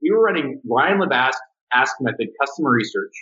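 Animated man telling business stories. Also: mid-range voice, brisk, dull audio. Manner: animated storyteller who acts out quotes. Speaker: guest, marketing agency owner. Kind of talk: casual podcast interview.

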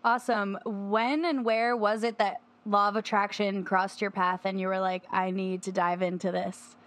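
A woman's voice: mid-range voice, flat delivery, moderate pace, a bit bright. A woman podcast host, upbeat and gushing as she interviews a guest. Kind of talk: casual interview.

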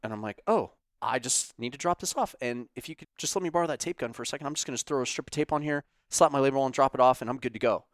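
A man telling a casual, animated story, sarcastic and full of profanity. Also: medium pitch, fast talker, few pauses, dry recording, clean studio sound.

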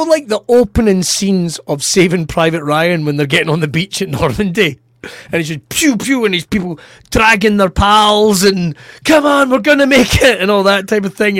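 A Scottish man, a comedian co-hosting a podcast, telling sweary, animated anecdotes in casual chat. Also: high voice, normal speed, no echo, studio quality.

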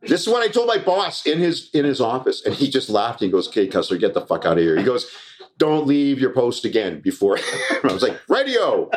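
A man's voice: mid-range voice, brisk. A man guest on a podcast, telling a story casually, swearing and laughing as he acts out what people said. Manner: profane, laughing, animated anecdote with quoted voices.

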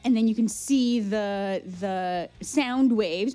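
A woman's voice: medium pitch, slow pace, few pauses, warm tone, faint music behind. A woman improvising a comedic story, eagerly asking questions and adding details.

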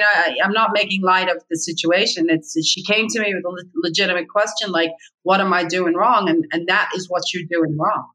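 A woman with a bright, forceful voice talks bluntly about her trade, hammering her points home by repeating them. She speaks as an experienced agent and mentor in a podcast interview. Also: mid-range voice, poor audio. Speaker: real estate agent and mentor.

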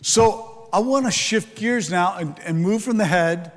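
A man's voice: high voice, a little slow, long reverb tail. A man preaching a sermon, explaining scripture in a teaching tone with fillers and rhetorical questions. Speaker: pastor.

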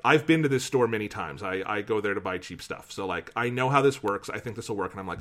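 Podcast host, man, bright and animated storyteller, casual and profane. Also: lowish voice, quick pace, hardly any pauses. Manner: animated, swears freely.

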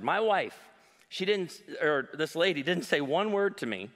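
A man's voice: a little high, moderate pace. A man in his forties doing live stand-up comedy, telling stories animatedly and acting out voices. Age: 40s. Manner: animated storytelling with voiced quotes. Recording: long hall reverb.

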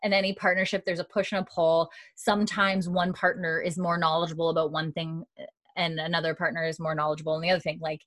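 A woman's voice: sits low, quick pace, no room sound, clean studio sound. A young woman casually recapping a TV episode, acting out the characters' lines with lots of laughs. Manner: animated storytelling, acting out quotes, laughs often. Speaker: podcast host recapping a TV episode. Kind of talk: casual chat.

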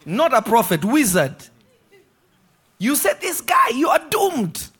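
A man preaches in a church with a high, bright voice that swoops all over. He shouts and acts out the people he quotes, laughing as he goes. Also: huge pitch swings, slow pace, slightly rough. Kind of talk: lively sermon.

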